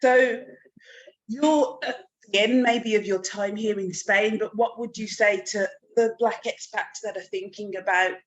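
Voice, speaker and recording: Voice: medium pitch, fairly even intonation, measured pace, rough recording. A podcast host asking probing questions and cutting in during a conversational interview.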